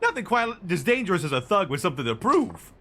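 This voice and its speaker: A man voicing an excitable, flamboyant male street photographer in a game, loud and theatrical. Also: high voice, fast, pitched above the performer's own voice, full character voice. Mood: gushing. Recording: noisy stream audio.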